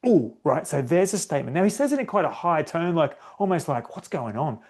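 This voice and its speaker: A man talking through a solo running podcast episode in a relaxed, conversational way. He slips into little voiced bits of inner self-talk and keeps checking in with the listener. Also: fairly high pitch, brisk. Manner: conversational, acts out inner self-talk, often adds "right?". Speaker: podcast host, running coach.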